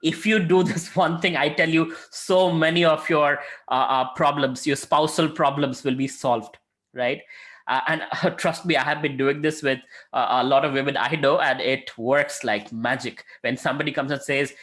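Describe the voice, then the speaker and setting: A man's voice: fairly high pitch, fairly even intonation, normal speed, a bit bright. A man giving an informal spiritual lesson as a lecturer and mentor, talking conversationally with frequent filler sounds and acted-out quotes.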